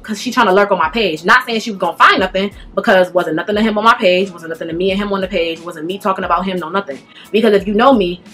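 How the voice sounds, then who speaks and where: A young woman telling a casual storytime, animated and speaking straight to her viewers. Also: mid-range voice. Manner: animated, addresses viewers directly, slangy.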